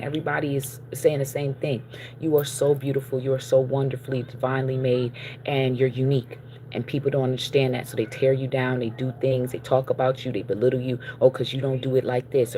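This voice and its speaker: A casual spiritual card reading delivered in an easygoing, chatty voice at a mid pitch. The reader keeps reassuring listeners and checking in with them, wandering through fillers and self-corrections. Faint noise sits under the voice. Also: a little mellow. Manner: encouraging, checks in with listeners with frequent "okay?" and "all right?".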